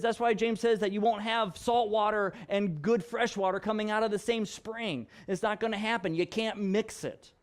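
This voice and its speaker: High-voiced pastor teaching with lively emphasis. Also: male voice. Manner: animated and conversational, acts out examples; frequent restarts and emphatic repetition. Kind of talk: casual Bible teaching.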